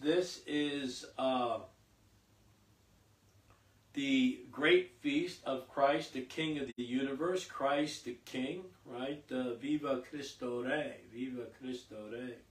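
A priest reading scripture at Mass and then preaching a homily in a slow, halting way, with many fillers and repeated words. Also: male voice, medium pitch. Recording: echoey church, voice from a distance.

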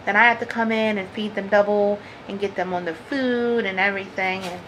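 A woman's voice: medium pitch, fairly even intonation, fairly quick, a bit bright, slight background noise, low-quality recording. A woman hosting a crafting vlog from home, talking casually to the camera in a rambling, chatty way with frequent laughs and lots of "like". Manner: chatty and rambling, laughs often, says "like" a lot.

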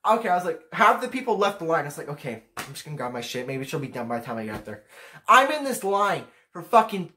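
A man's voice: fairly high pitch, pushed and bright. A teenage boy vlogging a casual rant to camera, ranking pet peeves in a profane, exasperated way. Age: teens.

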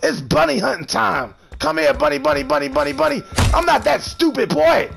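With loud game music behind him, a man streaming a horror game trash-talks nonstop, taunting, cursing, and jokingly threatening other players. His very high, gravelly voice is sing-song and brisk, with background noise in the recording.

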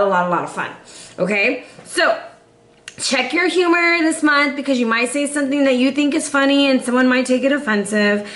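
A fairly high-voiced woman chats her way through a tarot reading, playful and laughing often. The room around her rings with a noticeable echo. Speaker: tarot reader. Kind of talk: casual tarot reading to camera.

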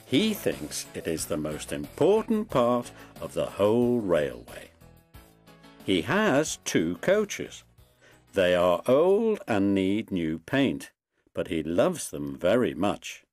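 Slow, lively storybook narrator, man. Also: on the low side, dry recording. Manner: slow, expressive reading. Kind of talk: storybook reading. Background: background music.

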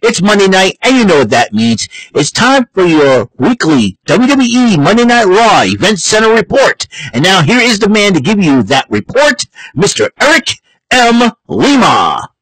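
A man's voice: sits high, sing-song, normal speed, fairly bright tone, husky, no echo, voice pushed up, exaggerated voice, poor audio. A man voicing a grand, sing-song show announcer who introduces the host. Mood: announcing. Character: booming male show announcer.

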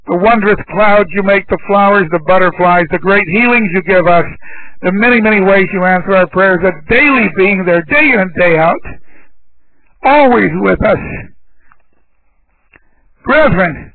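High-voiced preacher on a tinny recording. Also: male voice, moderate pace. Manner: emotional, rises to loud exclamations of praise. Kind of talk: sermon.

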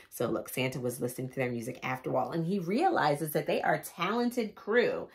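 A woman's voice: deep voice, a little fast, hardly any pauses. A woman vlogger reading a picture book aloud with chatty, joking asides. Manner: animated, chatty asides, laughs at own jokes.

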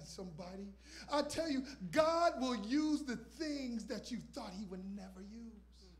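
A man's voice: very high voice, lively intonation, measured pace. A man in his fifties preaching a sermon as pastor, emphatic, repeating lines for emphasis. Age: 50s. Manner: emphatic preaching with repetition and call-outs.

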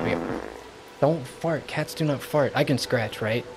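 A man streaming a video game live, chatting casually and reacting excitedly with gasps and laughs. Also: mid-range voice, a little slow, noisy background. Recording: game music under the voice. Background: game music clearly audible.

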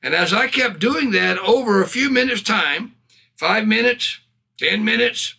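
A man's voice: high-pitched, lively intonation, a little slow, vocal fry, sharp tone, slightly rough. A male preacher delivering a fervent sermon, often breaking into hallelujahs and bursts of laughter.

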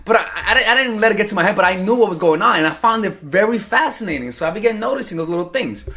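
A man's voice: high voice, expressive, quick pace, pushed and bright. A young man, a dating coach, telling a casual story to women viewers and acting out quotes with swearing. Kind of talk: casual vlog advice.

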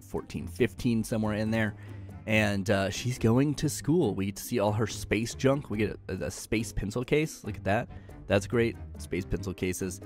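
A man giving a casual episode recap, joking, slangy and full of sarcastic asides. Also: fairly low pitch. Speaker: anime recap host.

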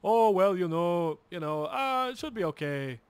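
A man's voice: sits high, expressive, moderate pace, clear, resonant tone, no echo. A man mimicking a breezy, dismissive male doctor who brushes off worries. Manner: offhand, reassuring.

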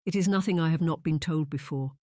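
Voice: medium pitch, brisk, dry recording, clean studio sound, lightly acted. Narrator reading a weary, lovesick young lady. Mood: wistful. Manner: hushed, resigned delivery. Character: lovelorn young noblewoman, wistful and weary. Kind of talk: audiobook character reading.

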